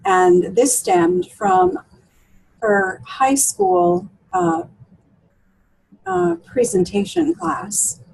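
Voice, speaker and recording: A woman's voice: very high-pitched, gravelly, a little mellow, rough recording. A woman coach for women, talking through client stories in an interview with many fillers and restarts. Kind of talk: interview conversation.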